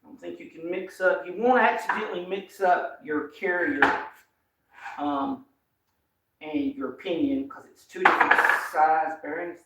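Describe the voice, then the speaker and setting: A man's voice: on the high side, unhurried. A man, hosting a casual live stream while working on a car part in his garage, talking in a folksy way and muttering to himself as he goes. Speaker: host. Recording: echoey, distant, noisy shop.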